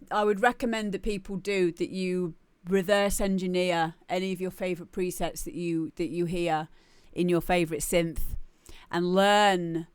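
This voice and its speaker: A woman's voice: on the low side, clean tone, dry recording. A woman talking casually on a live stream, chatty and repeating herself as she gives feedback on music. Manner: chatty, restarts and repeats words often.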